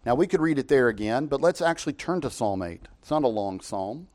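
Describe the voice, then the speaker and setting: A man's voice: medium pitch, animated, a little fast, a little mellow. A middle-aged man preaching an expository sermon from the pulpit, conversational and full of rhetorical questions. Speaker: pastor.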